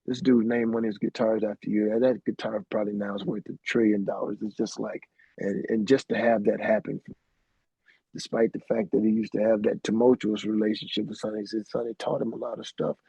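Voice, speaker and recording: A man's voice: fairly low pitch, level tone, brisk, creaky, dark tone, slightly rough, no room sound. A middle-aged man from Arkansas, an interview guest, telling rambling anecdotes peppered with "man". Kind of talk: casual storytelling interview. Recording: dry, dull lo-fi sound.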